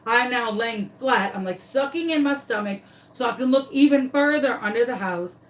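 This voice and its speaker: A woman's voice: fairly high pitch, expressive, moderate pace, distant mic, poor audio. A woman, a crafting vlogger telling a dramatic story while she works on a craft tutorial.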